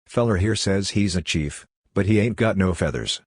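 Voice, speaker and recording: A man's voice: sits low, normal speed, slightly rough, no room sound, studio quality. A man doing a boisterous cowboy bartender. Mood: folksy. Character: fat pimple-faced male cowboy bartender, boisterous.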